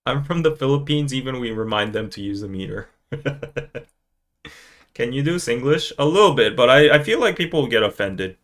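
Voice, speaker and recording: A man talking casually on a live podcast stream. His voice sits at an ordinary middle pitch. He rambles between stories and breaks into quick, playful impressions. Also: animated, a bit bright. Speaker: podcast host.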